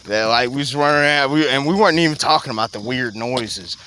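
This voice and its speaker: A young man in casual storytelling chat, animated, jumping between loud outbursts and low mutters and often laughing. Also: quick pace, a little hiss or hum.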